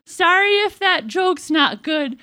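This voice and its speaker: A woman's voice: extremely high pitch, animated, slow, sharp tone, heavily acted. A woman performing a live comedy roast in character, giggly and rambling, laughing at her own jokes. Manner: giggly, rambling, self-deprecating. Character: comedic take on a famous 1950s female comedian.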